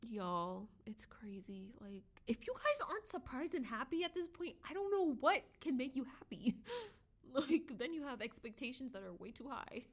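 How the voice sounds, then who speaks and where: A young woman hosting a casual solo podcast, talking in an excitable, gushing way and laughing often. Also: high-pitched, normal speed. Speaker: podcast host.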